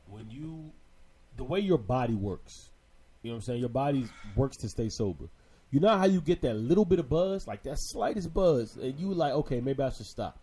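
A man's voice: mid-range voice, animated, moderate pace, dark tone, breathy edge. A man co-hosting a podcast who gives his friends earnest advice in casual chat. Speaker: podcast co-host.

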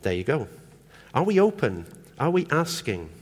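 A man's voice: fairly high pitch, big pitch swings, normal speed, husky. A man preaching a sermon in a conversational way, often asking the congregation questions. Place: church hall. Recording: long hall reverb.

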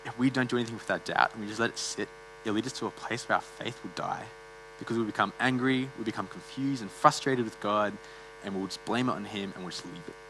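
A man's voice: fairly low pitch, quick pace, sharp tone, a little hiss or hum, low-quality recording. A man preaching a sermon in a church, earnest and conversational, with frequent fillers and restarts.

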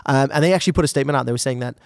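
A man co-hosting an esports talk show, excitable and rambling, talking in casual desk chat. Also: medium pitch, very fast, no room sound, studio quality.

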